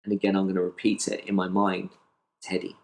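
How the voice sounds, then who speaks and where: A man teaching mindfulness for children, gentle and reassuring, often checking in with "okay" and "right". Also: sits low, monotone, fast talker, vocal fry. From United Kingdom. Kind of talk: instructional talk with guided practice.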